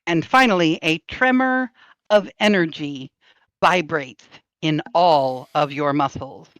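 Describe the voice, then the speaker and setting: A woman running a tabletop game, narrating scenes slowly and expressively as game master. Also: deep voice, dry recording, low-quality recording. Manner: slow, descriptive, expressive narration.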